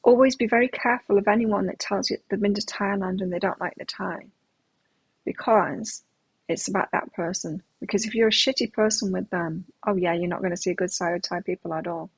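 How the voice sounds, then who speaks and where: A woman's voice: medium pitch, a little fast, husky, no room sound, rough recording. A middle-aged woman hosting a live tarot stream, chatting casually and telling rambling anecdotes between readings.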